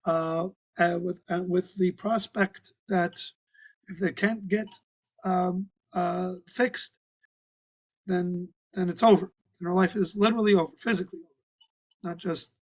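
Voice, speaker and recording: Male rabbi with a high voice, telling a story from the pulpit in a loose, halting, conversational way. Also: low-quality recording. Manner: conversational, halting with restarts and fillers. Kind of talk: sermon storytelling. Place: synagogue.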